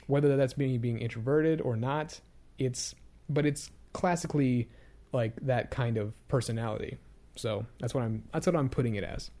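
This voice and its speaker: Speaking at a moderate pace in a warm, mid-range voice, a young YouTuber muses aloud in a casual vlog for his channel. He's hesitant and rambling, keeps starting sentences over, and is openly self-critical.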